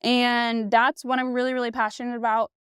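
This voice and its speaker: Recorded dry and clean on a close mic, this solo podcast monologue comes from an American host in her thirties. Her voice is a little high and a bit bright, delivered flatly and fairly quickly. She talks bluntly and candidly, cursing often and leaning on "like" and "you know."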